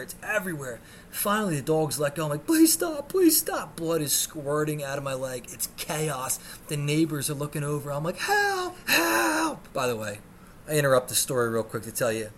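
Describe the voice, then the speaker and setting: A podcast host with a medium-pitched voice tells a comic story, swearing a lot and shrieking whenever he acts out scenes. He's animated throughout, and the recording carries a little hiss or hum.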